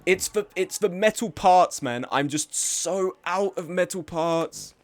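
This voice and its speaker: A man's voice: high voice, a little slow. A man live-streaming a game, chatting casually with his chat in a sweary, self-deprecating way.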